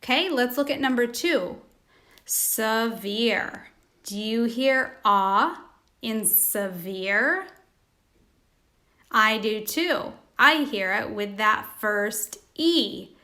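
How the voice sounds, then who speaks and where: A woman teacher giving a recorded phonics lesson to children, speaking slowly and carefully, sounding out each word. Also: fairly high pitch, expressive, sharp tone.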